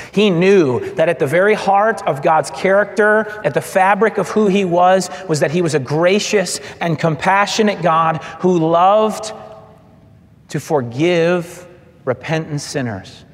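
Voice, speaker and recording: A high-voiced man preaches in a big hall whose reverb trails after every phrase. He is animated and throws himself into each quoted line, and his delivery swings from loud to hushed. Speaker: pastor. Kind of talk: sermon.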